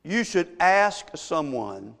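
A pastor preaches an emphatic sermon from the pulpit in a gravelly, fairly bright voice that sits high for a man. He's very animated but slow, driving his points home with strings of rhetorical questions, while a long church-hall reverb trails each word.

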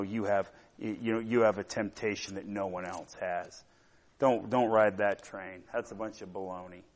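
A middle-aged man preaching a sermon, telling stories in a rambling way with many fillers and growing loud and animated when he gets worked up. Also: lowish voice. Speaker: pastor.

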